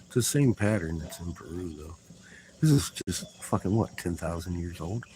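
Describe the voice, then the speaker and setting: A man's voice: low-pitched, lively intonation, normal speed, mellow, slight background noise, rough recording. A man giving a rambling vlog monologue outdoors, swearing often and sounding agitated as he exclaims. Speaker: vlogger. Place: outdoors in a yard.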